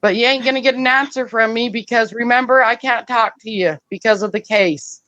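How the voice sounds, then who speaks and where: A woman's voice: on the high side, a little fast, pushed and bright, dry recording. Upset woman on a dry lo-fi call. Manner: upset, blunt, swearing, then apologetic. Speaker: caller on a livestream. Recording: dry, dull lo-fi call audio.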